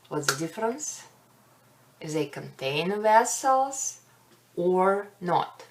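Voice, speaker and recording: A woman's voice: on the low side, very animated, slow pace, pauses often. A woman with a Russian accent giving a recorded botany lecture, careful and explanatory, with light self-deprecating humor. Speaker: botany instructor.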